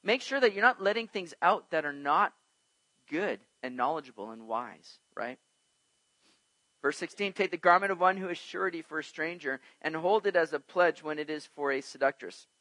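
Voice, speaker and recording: A man's voice: a little high, no room sound, low-quality recording. A man preaching a verse-by-verse sermon, asking his listeners questions and acting out everyday scenes. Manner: animated, asks the congregation questions and acts out little scenes. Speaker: pastor. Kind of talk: expository sermon on Proverbs.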